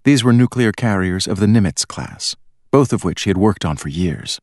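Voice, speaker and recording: Male audiobook narrator, low voice, dry close recording, even delivery. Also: no echo. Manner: measured, even storytelling. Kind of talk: scripted narration.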